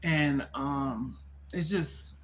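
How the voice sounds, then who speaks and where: A middle-aged woman speaks extremely slowly in a low-sitting voice on a live stream from her phone. She's candid, worried and close to crying, rambling and saying the same things over again.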